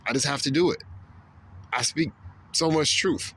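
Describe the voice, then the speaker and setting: A man's voice: fairly high pitch, moderate pace, a bit bright, a little hiss or hum. A man talking straight to camera in a casual opinion monologue, repeating himself with stammered restarts and acting out quoted voices. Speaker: video blogger.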